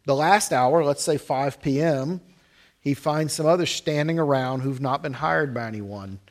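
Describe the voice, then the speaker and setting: A man's voice: on the high side, unhurried. A man, a pastor giving a conversational sermon with wry asides.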